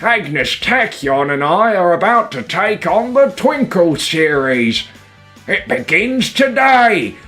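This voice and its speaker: A man's voice: a little high, sharp tone, exaggerated voice. A man voicing a startled young male trainer, narrating in an earnest storybook way during a game story read-along.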